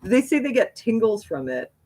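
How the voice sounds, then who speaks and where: A woman's voice: a little high, sing-song, moderate pace, a little mellow. A woman hosting a casual livestream, chatting in a rambling way with frequent laughs. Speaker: livestream host.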